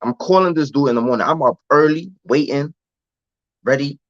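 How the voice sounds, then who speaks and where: A man's voice: fairly high pitch, moderate pace, no room sound. A man, telling a candid story as a podcast guest in streetwise slang. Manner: streetwise slang, often adds "you know what I'm saying". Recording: dull, dry lo-fi recording.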